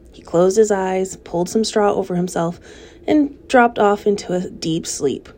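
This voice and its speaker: Warm-voiced woman reading a story. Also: medium pitch, normal speed, slight background noise. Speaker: narrator. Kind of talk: reading a children's novel aloud.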